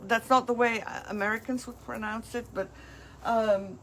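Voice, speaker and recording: A woman's voice: a little high, fairly even intonation, moderate pace, hardly any pauses, fairly bright tone, slight background noise. A woman hosting a live craft demonstration, chatting as she walks viewers through each step. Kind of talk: live craft product demo.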